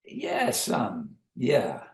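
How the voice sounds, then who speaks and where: A man, an author, reflecting thoughtfully in an interview, halting with many pauses. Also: mid-range voice, huge pitch swings, gravelly, darkish tone, roomy sound. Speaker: author guest.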